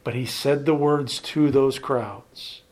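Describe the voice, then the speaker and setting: Slow, deliberate male preacher. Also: mid-range voice, fairly even intonation. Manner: slow, deliberate preaching that trails off softly at phrase ends; asks the listeners direct questions. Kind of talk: sermon.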